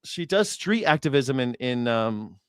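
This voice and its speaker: A man's voice: medium pitch, expressive, unhurried, a bit bright, clean tone, no room sound, studio quality. A man hosting a live news reaction show, talking casually in a rambling, profane way and correcting himself as he goes.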